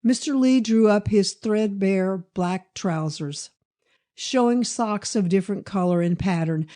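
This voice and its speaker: A woman narrating a classic crime novel in a measured, even storytelling manner. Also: mid-range voice. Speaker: audiobook narrator. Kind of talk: scripted narration.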